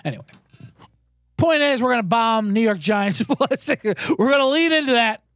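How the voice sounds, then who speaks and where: A man's voice: very high voice, expressive, moderate pace, fairly bright tone, no room sound. A man hosting a sports betting show, rambling casually and poking fun at himself with rhetorical questions. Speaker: host.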